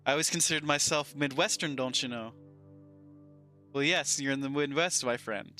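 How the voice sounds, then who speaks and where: A man's voice: a little high, brisk, bright, forceful tone, faint music behind. A man with a Southern US accent streaming a game, reading chat aloud and bantering playfully.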